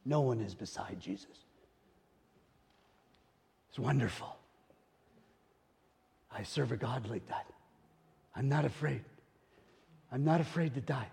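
An older man preaching a sermon as pastor, repeating phrases and swinging from hushed murmurs to loud exclamations. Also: medium pitch, slow, gravelly, long pauses, slightly rough, in a large hall. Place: church.

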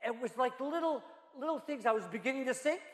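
A man's voice: extremely high pitch, lively intonation, fast, a bit bright. A male pastor preaching a sermon, emphatic and repetitive, asking the room rhetorical questions. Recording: roomy hall reverb.

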